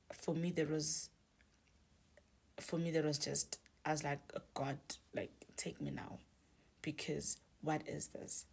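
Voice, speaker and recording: A woman telling a confessional story in a hushed, often near-whispered voice, hesitant and full of restarts. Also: sits low, vocal fry, breathy edge.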